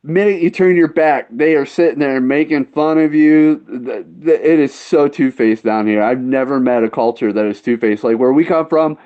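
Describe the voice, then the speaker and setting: A man telling stories in a loud, profane, casual way. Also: medium pitch, moderate pace, hardly any pauses, clear, resonant tone. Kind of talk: casual chat. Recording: dull lo-fi audio.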